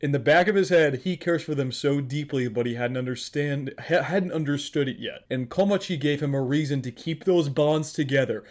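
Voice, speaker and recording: A man's voice: fairly high pitch, normal speed, few pauses. A man giving casual, emotional anime reaction commentary, gushing and repeating himself.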